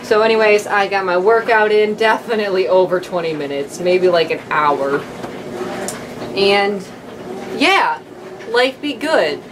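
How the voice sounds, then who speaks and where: A woman's voice: mid-range voice, measured pace, background noise. Woman vlogger at home; upbeat, rambling, folksy; mid-range voice. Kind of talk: casual chat to camera.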